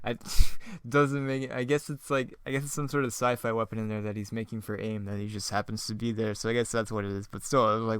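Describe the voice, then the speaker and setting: A man's voice: mid-range voice, steady tone, normal speed, bright, forceful tone, smooth, no room sound, clean studio sound. A man casually commenting on a script he once wrote, rambling, self-mocking and laughing often. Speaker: online video creator.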